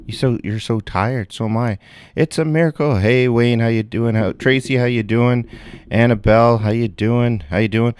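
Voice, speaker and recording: A man's voice: mid-range voice, a little mellow, clear, resonant tone, no room sound, studio quality. A man hosting a live stream, chatting loosely and greeting viewers one by one by name. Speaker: livestream host. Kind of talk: casual livestream chat.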